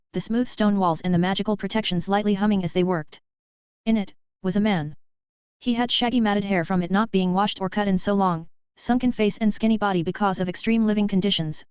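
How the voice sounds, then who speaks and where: A woman's voice: mid-range voice, clean tone, dry recording, muffled recording. Woman reading a fan-fiction audiobook. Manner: steady storytelling read. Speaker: audiobook narrator. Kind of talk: first-person fan-fiction audiobook narration.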